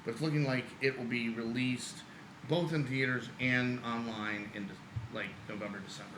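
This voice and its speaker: A man's voice: medium pitch, fairly even intonation, normal speed, roomy sound, noisy background. A man talking loosely as a podcast guest, rambling and laughing often. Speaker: guest film producer. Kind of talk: casual podcast chat.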